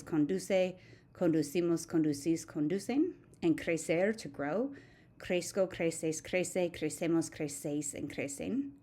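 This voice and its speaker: A woman, a teacher giving a steady, methodical recorded grammar lesson and reciting verb forms one by one. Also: lowish voice. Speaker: Spanish teacher.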